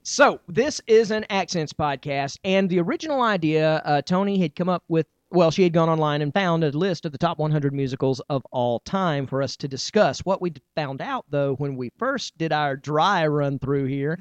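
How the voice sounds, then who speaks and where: Podcast host, man, lilt, slightly high voice, dry close sound, chatty. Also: lively intonation, normal speed, few pauses, smooth, dry recording, lo-fi sound. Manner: chatty, laughs often. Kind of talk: casual comedy podcast narration.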